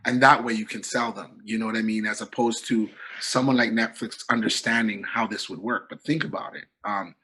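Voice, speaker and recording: A middle-aged man from Canada chats as a podcast guest, telling comic stories with lots of energy and laughter. His voice is bright and a bit husky. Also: fairly low pitch, brisk, few pauses, rough recording. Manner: animated storytelling, laughing often. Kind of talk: casual interview chat.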